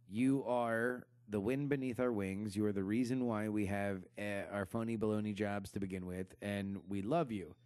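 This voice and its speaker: A man co-hosting a podcast in casual banter, rambling, swearing and laughing often. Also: mid-range voice. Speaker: podcast co-host.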